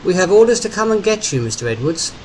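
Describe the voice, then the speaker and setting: A man voicing a brisk male army major who gives clipped, authoritative orders in a spoken story. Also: high-pitched, very animated, a little mellow, voice pushed up. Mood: commanding. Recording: noisy background hiss.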